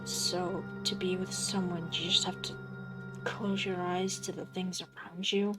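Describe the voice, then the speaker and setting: A woman's voice: on the low side, level tone, unhurried, lightly acted. Woman reading paranoid angry loner. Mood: agitated. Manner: curt, agitated, swearing. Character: paranoid, angry lone man, tired and hostile. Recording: loud game music behind.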